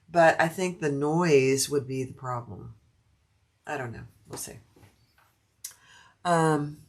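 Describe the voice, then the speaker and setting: A middle-aged woman chatting casually on a sewing livestream, answering viewer comments as she works. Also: low-pitched.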